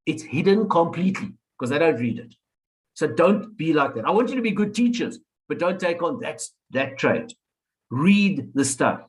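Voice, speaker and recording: Through a webinar computer mic comes a low-quality recording of a man in his sixties with a slightly high voice. He's a lecturer orienting new students, stressing and repeating his key advice.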